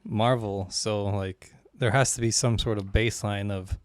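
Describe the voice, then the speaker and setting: A man's voice: fairly low pitch, fairly even intonation, moderate pace, clean tone, dry recording. A man co-hosting a movie podcast in casual chat, laid-back and offhand, with a lot of filler words. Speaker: podcast co-host.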